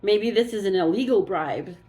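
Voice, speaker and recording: A woman's voice: mid-range voice, moderate pace, mellow. A woman doing a casual oracle card reading, musing aloud and thinking as she goes.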